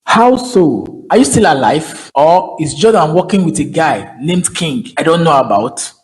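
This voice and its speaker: Man playing a worried cartoon friend, lively up-and-down pitch, higher voice. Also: a little slow, poor audio. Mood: concerned. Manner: probing, earnest. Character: concerned young man, friend Ebuka.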